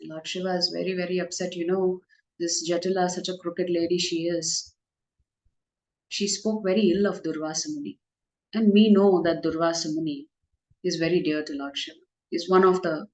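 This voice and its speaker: A woman's voice: lowish voice, close to an everyday voice. A woman voicing a male serpent servant in a storytelling talk, earnest and explanatory, with a roomy echo. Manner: earnest, reporting orders plainly. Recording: echoey room.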